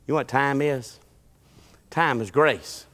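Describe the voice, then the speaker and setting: A man preaching a sermon in a folksy way, swinging between shouting and low muttering. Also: takes it slowly, in a large hall.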